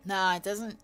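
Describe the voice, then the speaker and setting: A woman's voice: mid-range voice, a bit bright, no echo. A woman designer venting on a livestream, emphatic, exasperated and full of swearing.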